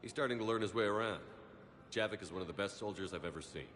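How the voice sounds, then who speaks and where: Commander Shepard, a man as a steady military commander. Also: fairly low pitch, fast, noisy background, close to an everyday voice. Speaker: player character, military commander.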